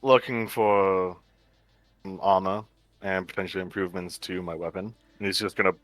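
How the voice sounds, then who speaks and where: Male player, casual, hesitant, low pitch, bright forceful tone. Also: fairly even intonation, moderate pace, no room sound. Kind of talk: tabletop game play.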